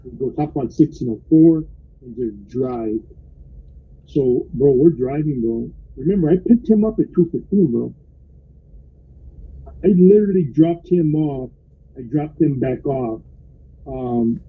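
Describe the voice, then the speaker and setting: A man's voice: mid-range voice, a little slow, pauses often, husky, narrow, tinny audio. Man telling a story, repeating "bro". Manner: animated retelling with constant "bro". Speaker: rideshare driver. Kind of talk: casual storytelling. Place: inside a car.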